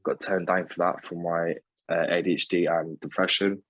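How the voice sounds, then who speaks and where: A young man telling his story as a podcast guest, halting and full of restarts, blunt and sometimes swearing. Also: low voice, level tone, a bit bright, no room sound. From England. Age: young adult. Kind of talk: candid personal storytelling.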